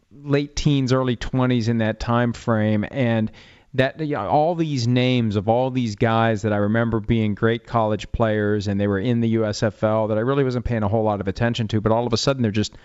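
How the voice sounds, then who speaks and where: A male host asks his guest long, measured questions. His voice is smooth and clear. The recording is dry and a little dull in tone. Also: fairly low pitch, darkish tone, dry recording. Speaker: interview host. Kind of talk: interview questions. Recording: slightly dull, dry audio.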